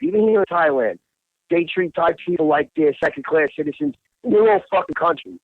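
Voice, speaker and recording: A bar owner in Bangkok, Thailand, guests on a casual talk podcast, telling a rambling, profanity-laced story in a phone-in chat. His voice is a little high and a little fast, with no room sound, and the podcast audio is dull and lo-fi.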